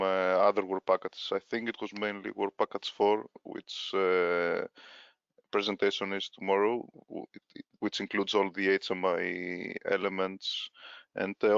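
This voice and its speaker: A man answering technical questions as a presenter on an online call, pausing often with uhs. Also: on the low side, gravelly, clean tone, dry recording, dull audio. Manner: halting, many uhs.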